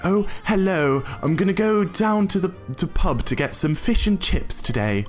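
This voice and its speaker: A man's voice: sits high, lively intonation, moderate pace, faint music behind, pitched above the performer's own voice. A man doing an exaggerated posh English accent as a cheery stereotypical Englishman.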